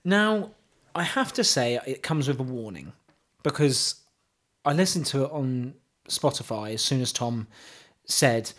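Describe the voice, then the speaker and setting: Man with a lively, swinging voice. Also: medium pitch, unhurried. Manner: mocking, laughs often, reads lyrics aloud with scorn. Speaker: podcast co-host. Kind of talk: casual chat.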